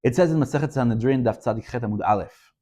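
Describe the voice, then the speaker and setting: A rabbi gives a Torah lesson in an emphatic, storytelling voice. This man keeps raising rhetorical questions and presses each point home, in a middle-pitched voice. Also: fast talker, mellow. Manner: storytelling delivery. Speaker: rabbi teaching.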